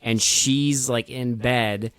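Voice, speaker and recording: A man's voice: medium pitch, steady tone, takes it slowly, fairly bright tone, clear, resonant tone, dry recording. A man co-hosting a podcast, casually recapping a movie in a blunt, profane and mocking way. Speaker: podcast co-host.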